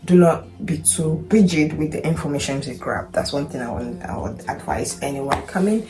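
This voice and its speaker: A woman's voice: sits low, lively intonation, normal speed, music in the background. A woman from Nigeria, a nurse, telling a personal story and giving advice in an earnest, chatty way full of "you know" and repeats. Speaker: international nurse, vlogger.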